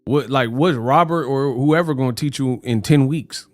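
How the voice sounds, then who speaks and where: A man hosts a live boxing chat, talking in loose slang with plenty of jokes. His voice sits at a middle pitch and is recorded close and dry. Faint music plays quietly underneath. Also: moderate pace, no echo. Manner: joking, slangy, puts on mock British voices. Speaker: host. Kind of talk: casual livestream chat.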